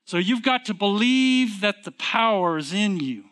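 A middle-aged preacher with a voice pitched a little higher than most men. He talks to the congregation conversationally and keeps throwing questions at them. He drops to quiet, low stretches and then rises to emphatic, forceful lines. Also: lively intonation, unhurried. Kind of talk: sermon.

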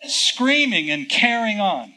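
A man's voice: high-pitched, very animated, slow, sharp tone, low-quality recording. A man preaching a sermon, teaching from the Bible in a conversational way, reading verses aloud and asking rhetorical questions.

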